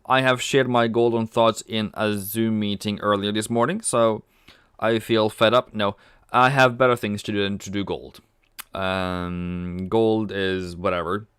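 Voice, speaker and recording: A man's voice: on the low side, fairly even intonation, unhurried, a bit bright, clean tone, dry recording, studio quality. A man hosting a casual trading livestream, chatty, reading viewer comments aloud and cracking jokes. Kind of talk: casual live-stream chat.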